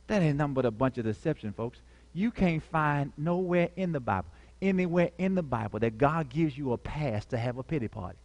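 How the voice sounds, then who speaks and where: A man preaching a lively sermon, calling out to the congregation with dramatic swings in volume. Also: on the high side, a little fast, long reverb tail. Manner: animated, call-and-response, dramatic shifts in volume.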